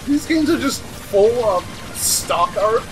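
Sarcastic high-voiced man. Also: slow pace, noisy background. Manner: dry, sarcastic, deadpan jabs. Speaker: co-commentator. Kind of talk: casual gameplay commentary.

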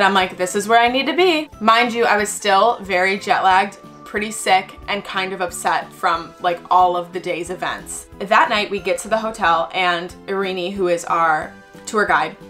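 A woman in her twenties telling a travel story in a casual, chatty way, acting out the voices of the people in it, with soft music behind her. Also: medium pitch. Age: 20s. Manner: chatty, animated, acts out quoted voices, frequent "like". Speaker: travel vlogger.

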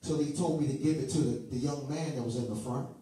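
This fast-talking preacher has a medium-pitched, dark voice. He delivers his sermon with fervour, drifting from sing-song chants into joking asides for the congregation. Music plays in the background of an echoey room recorded from afar.

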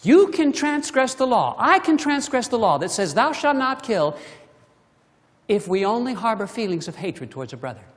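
An animated preacher works the congregation with rhetorical questions. The voice leaps from loud, pressing emphasis down to quiet, intimate asides, and the delivery is full of lively rises and falls. The voice rings out with the long reverb of a church hall. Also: mid-range voice, normal speed. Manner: swings between loud emphasis and hushed asides. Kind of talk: sermon. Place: church sanctuary.

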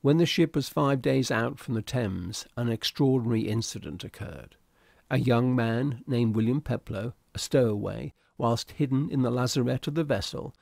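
A man reading a classic short story aloud in a steady, deliberate storytelling manner. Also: medium pitch, vocal fry, no echo, clean studio sound. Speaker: reader. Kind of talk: audiobook narration of a classic story.

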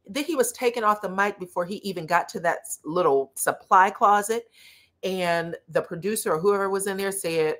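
A woman's voice: medium pitch, steady tone, moderate pace, fairly bright tone. A woman hosting reality TV commentary, chatting casually and sassily while reading viewer comments. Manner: sassy, uses slang like child and delulu.

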